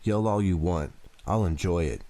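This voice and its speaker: An unhinged teenage girl taunts her captive in a cold, singsong way, as a man reading an audiobook puts her on. The voice stays very low and dark, close to the reader's own deep tone. It is a storybook thriller villain, vicious and gleeful. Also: normal speed, no room sound, close to an everyday voice.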